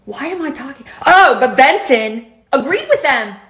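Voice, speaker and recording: A woman's voice: high voice, very animated, moderate pace, fairly bright tone, echoey room. A woman from Pittsburgh with a slight Southern touch to her accent, telling a comic story to camera in a casual, exasperated way. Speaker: lifestyle vlogger.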